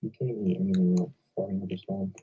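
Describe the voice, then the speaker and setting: A man's voice: low voice, little pitch movement, rapid-fire, mellow, husky, recorded from a distance, dull audio. A young man hosting a stream, chatting casually and rambling about video games. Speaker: stream host. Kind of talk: casual chat. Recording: voice from away from the mic.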